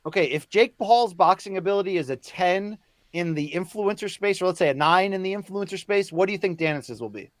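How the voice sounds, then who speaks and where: Animated higher-voiced man, dry sound. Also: a little fast, no echo. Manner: teasing, keeps prodding his co-host with questions. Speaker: co-host. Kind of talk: casual live watch-along chat.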